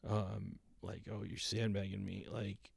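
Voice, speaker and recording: A man co-hosting a podcast in casual chat, soft-spoken and hesitant, often trailing off. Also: fairly low pitch, level tone, a little slow, gravelly, breathy edge, no echo, clean studio sound. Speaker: podcast co-host.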